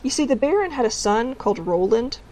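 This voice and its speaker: A woman's voice: fairly high pitch, very animated, brisk, a little mellow, pitched above the performer's own voice, poor audio. Woman reading as an earnest young girl.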